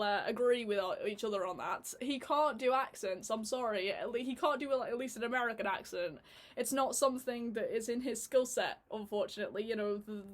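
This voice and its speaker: A woman talks through a casual review in a chatty way. She laughs often, and her talk is full of fillers and restarts. Her voice sits a little high. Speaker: YouTube reviewer.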